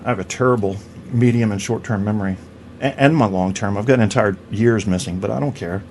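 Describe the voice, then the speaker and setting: A man's voice: fairly low pitch, brisk, darkish tone, a little hiss or hum. A man hosting a podcast in a crude, rambling comedic rant, swearing and stammering through restarts. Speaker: podcast host.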